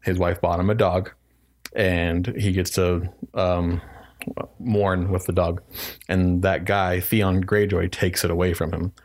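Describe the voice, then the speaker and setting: Deep-voiced man chatting about movies. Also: a little slow. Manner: excited retelling of scenes with quoted voices. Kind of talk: casual movie chat.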